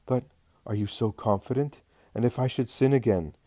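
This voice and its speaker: A man's voice: mid-range voice, moderate pace, mellow, dry recording, studio quality, pitched above the performer's own voice, lightly acted. Man doing a terrified, pleading penitent. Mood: anxious. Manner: frantic, pleading, sobbing cries. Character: terrified repentant man, would-be assassin.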